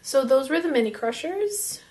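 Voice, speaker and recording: A young woman casually reviewing makeup as she swatches it, chatty and excitable and half losing her voice. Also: sits high, moderate pace, background noise. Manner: chatty and excitable, drops to whispers. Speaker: beauty vlogger.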